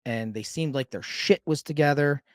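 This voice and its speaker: A man's voice: fairly high pitch, moderate pace, dry recording, clean studio sound. A man in a conversation telling his own recovery story in a rambling, candid and casual way, with the odd swear word. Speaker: sobriety coach and guest storyteller.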